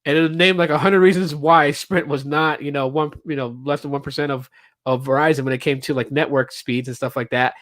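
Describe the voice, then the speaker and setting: A man talks casually on his own podcast, slightly higher-pitched than most men. He rambles through a story with fillers and restarts and now and then acts out other people's lines. The sound is dry and close, with no room echo. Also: steady tone, a little fast, a bit bright. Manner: acts out quoted customers and reps. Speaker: podcast host. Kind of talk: casual solo podcast talk.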